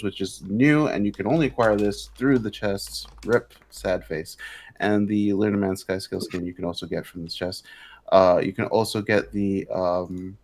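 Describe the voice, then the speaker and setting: A young man co-hosting a casual gaming podcast, rambling with fillers and catching his own slips. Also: on the low side. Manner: rambling, full of fillers and self-corrections. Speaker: podcast co-host.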